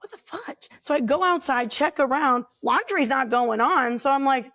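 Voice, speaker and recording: Woman, fairly high voice, paranormal investigator guest, casual storytelling, animated and chatty. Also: moderate pace. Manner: chatty, animated, fond of filler words.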